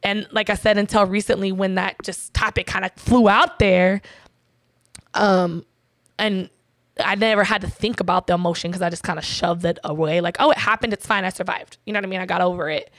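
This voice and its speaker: Blunt, gravelly-voiced woman telling her story. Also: mid-range voice, fairly even intonation, a little fast, no room sound, clean studio sound. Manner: blunt and profane, lots of "like" fillers. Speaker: interview guest. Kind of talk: candid personal storytelling.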